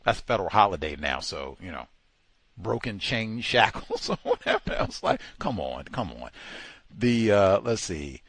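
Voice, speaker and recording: A man hosting a talk radio show, talking in a sarcastic, exasperated and animated way. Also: on the low side, moderate pace, husky, dry recording. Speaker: radio host. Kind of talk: casual talk radio commentary.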